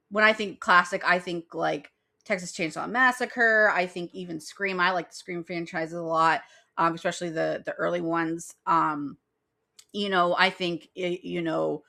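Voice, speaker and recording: A woman's voice: lowish voice, sharp tone. A young woman hosting a casual podcast, rambling with lots of fillers and giggles. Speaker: podcast host.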